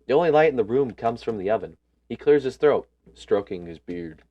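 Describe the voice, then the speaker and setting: A man's voice: mid-range voice, lively intonation, fairly quick, muffled recording. A man reading a story game's text aloud, breaking in with casual slangy asides.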